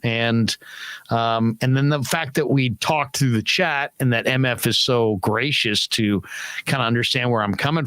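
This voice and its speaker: A man hosting a casual sports post-game chat, animated and repeating himself. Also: medium pitch, no echo. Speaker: host.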